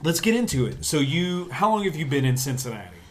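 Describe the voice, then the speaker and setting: A man's voice: on the high side, sing-song, fast. A man hosting a casual podcast, joking and giving mock-formal introductions. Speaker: podcast host.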